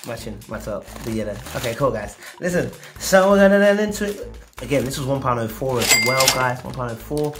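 A man's voice: medium pitch, animated, a little fast, background noise. A man reviewing snacks on his vlog, talking casually with slang and theatrical, exaggerated outrage. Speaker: food reviewer.

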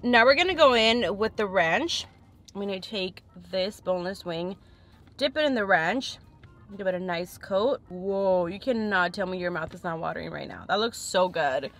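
A woman's voice: medium pitch, lively intonation, moderate pace, a bit bright, soft background music. Chatty young woman reviewing spicy wings. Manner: chatty, frank, thinks aloud between bites. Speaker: food vlogger. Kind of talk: casual eating review vlog.

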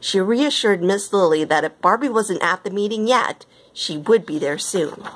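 A woman reading a storybook aloud as narrator, with gentle, even pacing. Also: mid-range voice, normal speed, a little hiss or hum.

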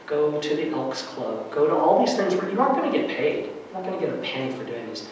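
A middle-aged man giving a lively workshop lecture to faculty, varying his loudness for emphasis, with many fillers. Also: a little high, a little fast, slight background noise. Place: large lecture room. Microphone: distant room mic. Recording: very echoey hall from far off.

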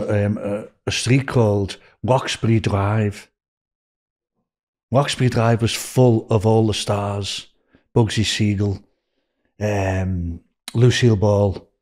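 Slow and full of pauses, this older man's voice is low, steady and slightly mellow, with a Scouse accent from Liverpool. He's the guest in a casual interview, telling meandering stories, voicing the dialogue of people in them, and often saying "you know."

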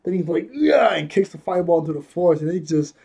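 A man's voice: on the high side, level tone, racing, dark tone, husky. A man casually recapping an anime episode, rambling, chuckling often and correcting himself as he goes.

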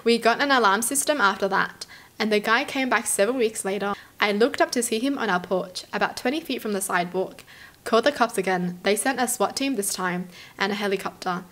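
A young woman from Australia, hosting and reading stories aloud, then reacting to them with animated exclamations. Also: medium pitch, fairly quick. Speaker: host.

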